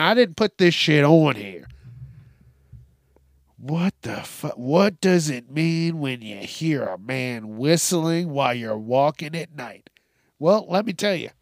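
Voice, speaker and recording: Slow-talking profane podcast host, man. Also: fairly high pitch, lively intonation, no echo, studio quality. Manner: profane, ranting storyteller. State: congested from allergies. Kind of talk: solo call-in podcast monologue.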